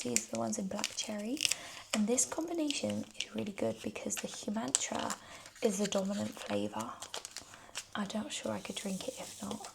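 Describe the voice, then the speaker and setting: A woman's voice: mid-range voice, vocal fry, noisy background. A woman chatting casually and upbeat as a vlogger, talking through her day in her bedroom. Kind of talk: casual vlog chat.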